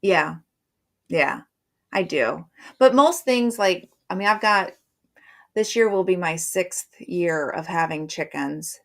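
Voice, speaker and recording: Middle-aged woman, live-stream host, slightly low voice, rambly and chatty delivery. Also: lively intonation, slow, fairly bright tone. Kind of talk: casual live-stream chat.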